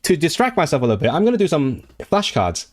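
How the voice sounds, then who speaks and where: A man's voice: fairly high pitch, sing-song, fast. A man from Hong Kong chatting casually on a live stream while he works through language flashcards, thinking aloud with lots of fillers and restarts. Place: indoors at his computer.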